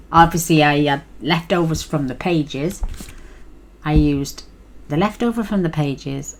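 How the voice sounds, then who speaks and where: A middle-aged woman chatting casually as she walks through a craft project, rambling and thinking aloud with fillers. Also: deep voice. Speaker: crafting channel host. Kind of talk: casual craft tutorial chat.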